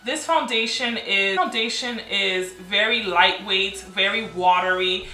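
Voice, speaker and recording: A woman's voice: mid-range voice, unhurried, bright, forceful tone, roomy sound. A young woman in her twenties chatting enthusiastically to camera in a casual vlog from her apartment. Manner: chatty, enthusiastic, repeats phrases for emphasis. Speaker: beauty and lifestyle vlogger. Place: apartment room.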